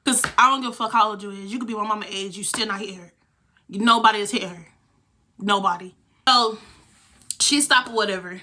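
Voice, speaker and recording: A woman's voice: mid-range voice, brisk, pauses often, sharp tone. A young woman vlogger telling a heated, profane story from her own life. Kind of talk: storytime vlog.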